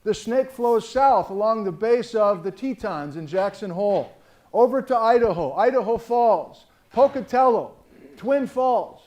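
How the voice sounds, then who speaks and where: A man's voice: sits high, a little slow. An American man giving a public geology lecture to a live audience, telling stories and acting out the dialogue. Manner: animated storyteller, acts out quoted dialogue.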